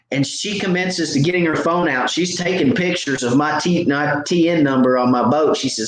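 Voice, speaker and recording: A man hosting a live Q&A, telling a story in an animated, self-mocking, casual way. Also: medium pitch, normal speed, few pauses, roomy sound, poor audio. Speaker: host.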